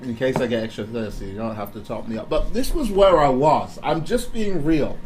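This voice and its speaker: A man giving a candid motivational talk, animated and confessional, often breaking into laughter. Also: medium pitch, a little hiss or hum, poor audio. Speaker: speaker.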